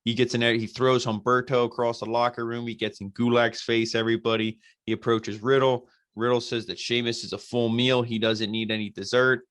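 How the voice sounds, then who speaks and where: A man's voice: medium pitch, flat delivery, fairly quick, few pauses, a bit bright, dry recording. A man hosting a podcast, recapping a show casually in a blunt, profane, exasperated way. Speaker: podcast host reviewing wrestling.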